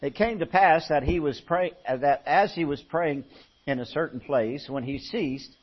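A male pastor telling a folksy story in a sermon, swinging from hushed to loud. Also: fairly high pitch, moderate pace. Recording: muffled lo-fi sermon recording.

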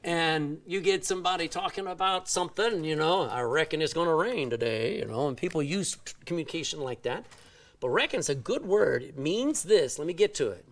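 A man from Texas with a Texan accent, preaching a sermon in a folksy, animated way and drawing out words for emphasis. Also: on the high side, brisk, recorded from a distance. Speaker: pastor. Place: church.

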